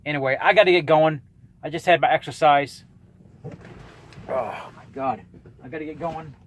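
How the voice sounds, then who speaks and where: A man's voice: fairly high pitch, steady tone, fast. A man in his thirties ranting in a vlog, blunt, combative and profane as he calls out a rival. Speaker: YouTuber calling out a rival.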